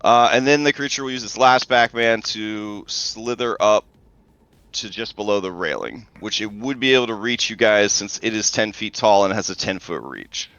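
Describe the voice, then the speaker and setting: A man's voice: fairly low pitch, expressive, moderate pace, fairly bright tone, smooth, no echo, lo-fi sound. A man narrating a tabletop game as game master in loose, chatty talk, swearing and thinking aloud.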